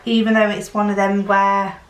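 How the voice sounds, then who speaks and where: A woman's voice: medium pitch, little pitch movement. Rambling woman chatting in a roomy space. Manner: rambling, fast-talking. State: runny nose. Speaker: crafting vlogger. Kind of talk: casual chat while crafting. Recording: roomy, distant from the mic.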